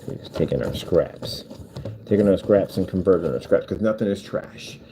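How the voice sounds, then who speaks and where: A man's voice: deep voice, animated, moderate pace, warm tone, poor audio. A man chatting casually and rambling as he builds a cardboard project, talking half to himself. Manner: meandering, talks to himself while working. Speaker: vlogger building cardboard PC cases. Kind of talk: casual rambling chat while crafting. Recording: background noise with clicking.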